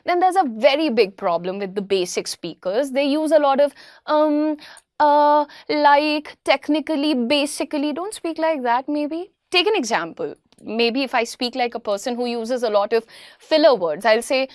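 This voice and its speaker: High-voiced Indian English teacher, dry sound. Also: female voice, normal speed, no echo. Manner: frequent "you know", acts out contrasting example phrasings. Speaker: communication skills teacher. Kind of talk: explanatory lesson with spoken examples.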